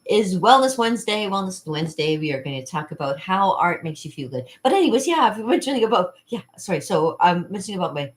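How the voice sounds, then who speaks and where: Woman, vlog host, casual chat, rambling, laughs a lot, slightly low voice. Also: very animated, fast talker, hardly any pauses. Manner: rambling and chatty, laughs often, acts out quotes. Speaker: channel host.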